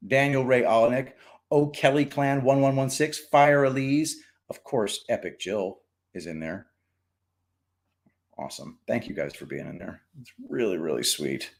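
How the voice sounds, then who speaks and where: A man's voice: medium pitch, moderate pace, vocal fry. A man hosting a casual livestream, chatting with viewers, greeting them by name and telling jokes. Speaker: livestream host.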